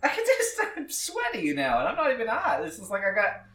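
A man's voice: sits high, wildly swooping pitch, a little fast, fairly bright tone, reverberant, distant mic. A man chatting crudely and joking on a podcast, laughing often. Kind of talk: crude casual chat.

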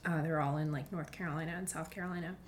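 A woman's voice: deep voice, fairly even intonation, racing, slight background noise. A young woman hosting a casual podcast monologue from home, chatty, dropping into whispers for asides. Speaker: podcast host.

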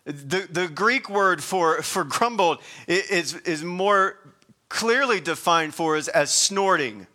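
A man delivers a sermon in a bright, forceful voice that sits a little high for a man. He preaches conversationally, repeating and restarting words, then building to louder, emphatic stretches. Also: animated, slow. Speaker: pastor.

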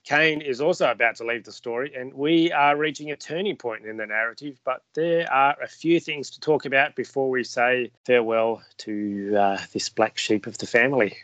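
A man's voice: mid-range voice, moderate pace, hardly any pauses, a bit bright, no room sound, lo-fi sound. A man with an Australian accent, from Western Australia, hosting a podcast with a cheery, welcoming manner. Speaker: podcast host. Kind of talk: casual podcast chat.

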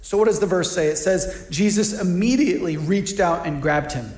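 A man preaching a sermon as pastor, shifting between hushed appeals and lively, acted-out voices. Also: normal speed, roomy sound. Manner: dynamic preaching, acts out voices with big pitch swings.

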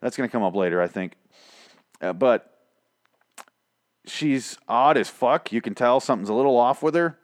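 Excitable, swearing man doing a casual show recap; mid-range voice, dry and close. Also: mid-range voice, moderate pace, pauses often, no room sound. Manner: profane, excitable, rambling.

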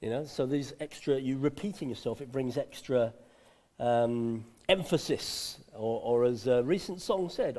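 This preacher delivers an informal, conversational sermon in a mellow, mid-range voice at a measured pace. He chuckles often and repeats words for emphasis.

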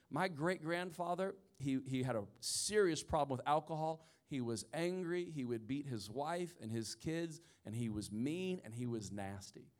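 A male pastor preaching a sermon with real fire. He drops to a near-hush for a story, then climbs to loud, slow, emphatic lines, and he trips over his words and restarts as he goes. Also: fairly high pitch. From rural area of the country. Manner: impassioned preaching, swinging from hushed storytelling to loud emphatic peaks; frequent stammered restarts.

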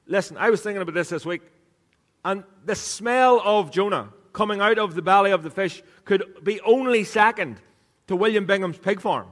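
A man's voice: sits high, moderate pace, a bit bright. A man preaching a sermon on a microphone, conversational and joking, teasing people in the congregation as he talks. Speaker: pastor. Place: church hall. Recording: reverberant hall sound.

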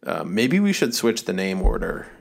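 A man's voice: low-pitched, very animated, normal speed, creaky. A man in his thirties from Massachusetts, co-hosting a casual podcast in a rambling, laid-back way. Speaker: podcast co-host. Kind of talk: casual chat. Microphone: remote call mic.

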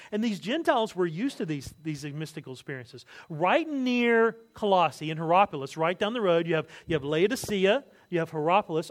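Animated, higher-voiced preacher man. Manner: animated storytelling, acts out quotes, asides and jokes. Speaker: pastor. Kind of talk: sermon.

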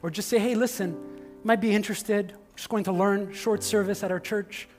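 A fairly high-pitched, middle-aged man preaches a conversational sermon, rising to loud emphasis and then dropping to hushed asides. His voice rings with a long reverb across a large church sanctuary. Soft music plays faintly underneath. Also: steady tone, normal speed. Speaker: pastor.

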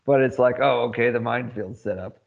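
A man in casual podcast chat, rambling excitedly and laughing often as he recaps. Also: medium pitch, brisk, vocal fry, phone-quality sound. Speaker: podcast co-host.

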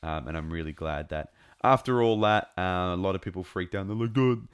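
A low-voiced man with an accent close to New Zealand hosts a casual fan commentary podcast. He talks in a rambling, enthusiastic way, full of fillers and restarts. The sound is dry and close. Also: fairly quick, smooth, no room sound. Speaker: podcast host.

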